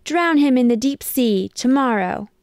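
A mighty storybook emperor roars his orders in a commanding, smooth voice with a gravelly edge, as a woman reads him aloud. The sound is close and dry. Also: on the high side, moderate pace, mellow, dry recording, natural voice. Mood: roaring. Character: mighty, stern male emperor.

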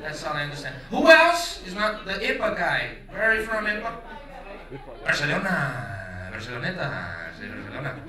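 A Brazilian man with a Brazilian Portuguese accent hosts a stand-up night in English, loud and cheeky, peppering his talk with swearing and audience questions. His somewhat high voice comes from a distance in a reverberant theater. A live crowd laughs and murmurs around him. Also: big pitch swings, fairly quick. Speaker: stand-up comedian and emcee. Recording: echoey theater, mic at a distance, audience audible.

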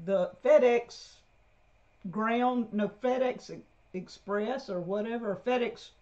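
On a homestead livestream, a woman with a fairly high, slightly mellow voice tells stories at a slow pace, chatty and laughing often. It's casual live chat, and the lo-fi stream audio sounds dull.

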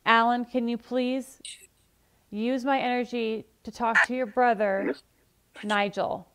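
A woman's voice: on the high side, fairly even intonation, takes it slowly, noisy background. A woman co-hosting a live spirit-box session, earnestly pleading and calling out to spirits. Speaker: paranormal investigator host.

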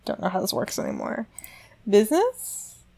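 A woman's voice: mid-range voice, lively intonation, moderate pace. A young adult woman giving casual commentary while she plays a life-simulation game, chatty and reacting aloud to what happens. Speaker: let's play gamer.

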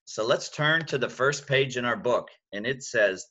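A man's voice: mid-range voice, expressive, moderate pace, hardly any pauses, bright, forceful tone, lo-fi sound. An older man, a grandfather, reading a picture book aloud to young children, coaxing them to join in and making the animal sounds himself. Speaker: grandfather reading a bedtime story.

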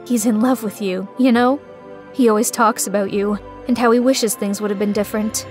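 A woman voicing a kind mother who pleads on behalf of her sons in an animated storybook. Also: mid-range voice, moderate pace, soft background music, lightly acted. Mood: pleading.

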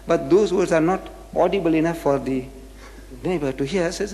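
A man's voice: sits high, animated, a little fast, creaky, darkish tone. A man giving a religious lecture, reading scripture verses aloud and explaining them with rhetorical questions. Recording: echoey hall with long reverb.

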